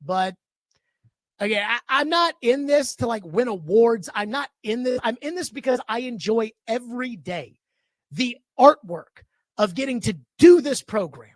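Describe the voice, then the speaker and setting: Brief: male sports radio host, high voice, dry studio mic, emphatic indignant monologue. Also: unhurried, no echo. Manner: animated, emphatic, indignant rant. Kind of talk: radio talk show monologue. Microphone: studio microphone.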